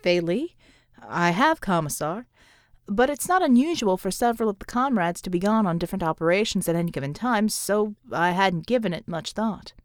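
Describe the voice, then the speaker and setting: A woman's voice: medium pitch, expressive, normal speed, dry recording, clean studio sound, natural voice. A woman voicing a disciplined male soldier who answers in a formal, guarded way. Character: wary, disciplined male soldier under orders.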